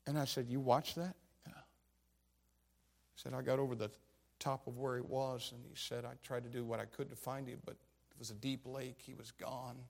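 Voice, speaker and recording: A man preaching a sermon, retelling a story and quoting the people in it, his voice swinging from low and quiet to loud shouts. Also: level tone, moderate pace, gravelly.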